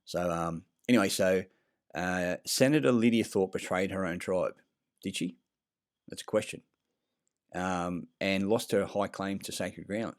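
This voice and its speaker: A deep-voiced man rambles through a self-recorded vlog, circling back on himself with fillers and false starts. He is blunt and swears freely. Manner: rambling, meandering, frequent fillers and restarts; blunt and profane. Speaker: vlogger. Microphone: self-recorded clip.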